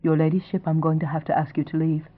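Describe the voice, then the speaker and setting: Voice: medium pitch, fairly quick, no room sound, natural voice. A proud, anxious young mother who keeps her answers short and defensive, as an audiobook reader puts her on. The sound is narrow and phone-like. It is dry and close. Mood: guarded. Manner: clipped, defensive.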